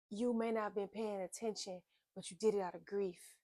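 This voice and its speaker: A woman's voice: mid-range voice, steady tone, a little fast, a little mellow, no room sound. Chatty woman teaching in a dry voice. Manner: earnest and chatty, repeats phrases for emphasis, acts out little scenes. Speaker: faith and health teacher. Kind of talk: conversational teaching talk.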